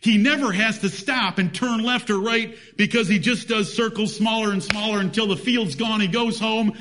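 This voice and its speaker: A man with a fairly high voice preaches a sermon. He speaks emphatically and reads scripture in old-fashioned biblical wording. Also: moderate pace, fairly bright tone, soft background music.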